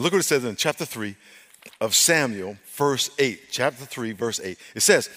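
A man preaching a sermon as pastor, moving between loud emphatic stretches and quiet, hushed talk, often restarting his phrases. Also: mid-range voice, expressive, normal speed. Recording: long hall reverb.

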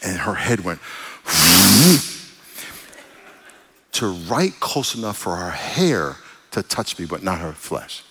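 A man preaching a sermon, reading scripture and then telling personal stories in a conversational, animated way. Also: low-pitched, normal speed, long reverb tail, very noisy. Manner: conversational, animated storytelling with asides.

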